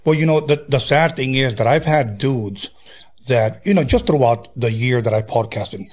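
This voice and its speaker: A man's voice: mid-range voice, moderate pace, darkish tone. A man hosting a podcast interview, asking questions and backing the guest with short "right, right" replies. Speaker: podcast host.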